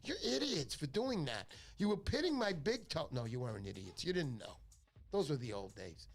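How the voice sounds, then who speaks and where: A man's voice: a little high, sing-song, normal speed, gravelly. A middle-aged man, hosting a fishing livestream in casual chat, joking and rambling through his stories. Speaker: fishing show host.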